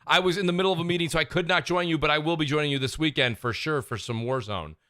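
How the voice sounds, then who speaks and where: A man hosting a casual gaming podcast in an animated, joking way. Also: on the high side, fast talker, dry recording, clean studio sound. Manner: animated, jokey, gives chat shout-outs. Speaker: podcast host.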